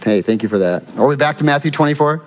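A pastor preaching a sermon to a congregation, reading scripture aloud and asking the people questions. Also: male voice, a little high, expressive, fast talker, a little hiss or hum. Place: church sanctuary. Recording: dull sound in a reverberant church hall.

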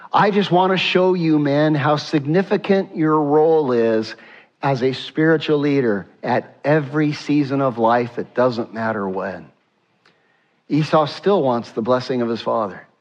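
A male pastor preaching a sermon, animated and asking rhetorical questions, slowing down for emphasis. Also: medium pitch, lo-fi sound.

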